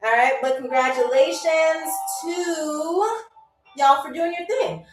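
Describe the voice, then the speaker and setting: Upbeat high-voiced woman game host. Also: takes it slowly. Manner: encouraging, chatty, keeps checking in with "okay?" and "all right?". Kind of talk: live-stream hosting, reading viewer comments. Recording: roomy sound from a distance with faint music.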